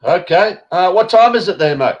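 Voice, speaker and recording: A man's voice: high-pitched, lively intonation, moderate pace, dull audio. A man hosting a live-stream chat, rambling and swearing casually. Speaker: host.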